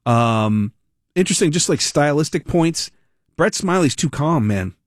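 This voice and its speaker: A man's voice: on the high side, unhurried, dry recording, studio quality. Sarcastic male talk radio host. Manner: animated, rambling, sarcastic, with mock impressions. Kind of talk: opinionated political commentary.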